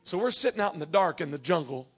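Animated high-voiced man preaching. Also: fast talker, slightly rough. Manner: animated storyteller acting out dialogue, shifts from shouting to hushed. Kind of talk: sermon storytelling.

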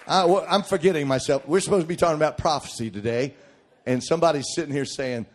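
A middle-aged man preaching a sermon, emphatic and folksy, swinging from shouted points to quiet joking asides. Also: medium pitch, quick pace, a faint crowd.

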